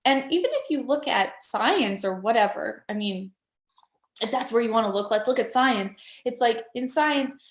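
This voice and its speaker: A woman's voice: on the high side, animated, moderate pace, roomy sound. A woman leading a live online motivational workshop, talking in a playful, upbeat way and coaxing her audience along. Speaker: workshop facilitator.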